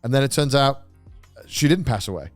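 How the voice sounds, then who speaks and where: A man's voice: medium pitch, lively intonation, a little fast, no room sound, soft background music. A man co-hosting a podcast, recapping a story in casual chat, rambling with fillers and correcting himself. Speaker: podcast co-host.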